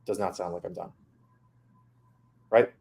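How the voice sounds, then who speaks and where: A man's voice: sits low, fairly even intonation, unhurried, gravelly, a little mellow, slight background noise. A man coaching a student through feedback on her mock interview, candid and casual.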